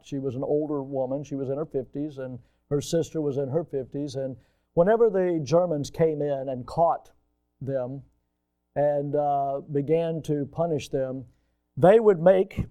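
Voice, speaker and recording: A man preaching a sermon, telling a story with dramatic swings from loud emphasis to hushed quiet, calling his listeners folks. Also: on the high side. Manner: folksy, addresses audience as folks.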